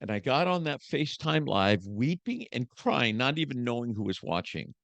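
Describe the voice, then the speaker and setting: A man, a motivational speaker, giving an emotional personal testimony as a podcast guest, shifting from hushed to emphatic like a preacher. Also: mid-range voice, big pitch swings, moderate pace, gravelly, dry recording.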